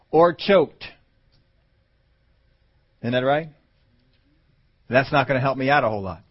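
A man preaching with strong emphasis, now and then mimicking the voices of doubters. His voice sits a little high for a man. The recording is dull and lo-fi, like archived church audio. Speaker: pastor. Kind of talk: sermon.

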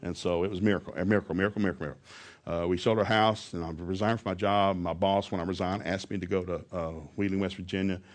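A man preaching a sermon, telling a personal story in a lively, humorous way. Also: deep voice, quick pace.

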